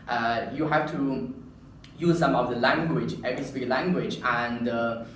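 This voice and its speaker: A man giving a personal story speech to an audience, animated and halting, often repeating himself. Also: mid-range voice, slight background noise. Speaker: public speaker. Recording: echoey room from far off.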